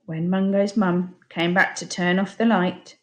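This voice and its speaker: The speaker is a woman primary school teacher giving an expressive reading of a children's picture book. Her pace is unhurried and her pitch stays lively throughout the story.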